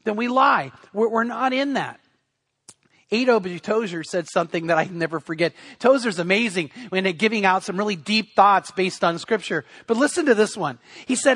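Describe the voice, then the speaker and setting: A man's voice: high-pitched, fairly bright tone, husky. A man, the pastor, giving a sermon in an earnest, conversational preaching manner.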